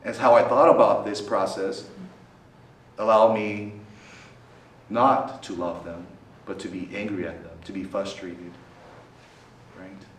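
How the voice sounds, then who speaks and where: Speaking slowly with long pauses, a male priest addresses a student group in a meeting hall at a student center. He keeps tossing questions to the room and adding "right?", his voice swinging dramatically in pitch and loudness. Captured from afar, the audio has a roomy echo and faint noise behind it.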